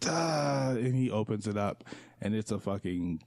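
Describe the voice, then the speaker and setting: A man co-hosting a casual movie podcast, retelling scenes with lively put-on quotes and lots of swearing. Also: lowish voice, a little slow, vocal fry, no room sound, clean studio sound. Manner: animated storyteller acting out scenes, profane. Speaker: podcast co-host. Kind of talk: casual movie review chat.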